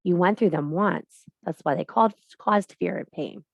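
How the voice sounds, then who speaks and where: A woman's voice: fairly low pitch, normal speed, gravelly, dry recording. A woman giving a blunt, emphatic spiritual talk to the viewer, swearing freely and lecturing. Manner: preachy, addresses viewer directly. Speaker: spiritual teacher. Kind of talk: spiritual monologue to camera.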